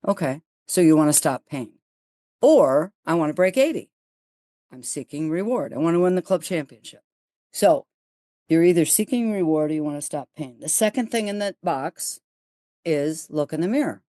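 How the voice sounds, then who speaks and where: A woman's voice: low voice, no echo, studio quality. A middle-aged woman with a Buffalo accent, a golf teacher telling stories in an interview and acting out both sides of the dialogue. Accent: Buffalo, New York. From Buffalo, New York. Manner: blunt, animated storyteller who acts out dialogue. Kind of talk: storytelling interview.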